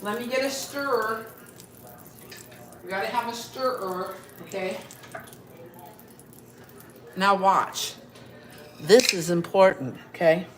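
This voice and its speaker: This is a chatty live cooking demo hosted by a woman in her home kitchen, who talks straight to viewers with brash humor. She speaks slowly with frequent pauses, in a medium-pitched, fairly bright voice.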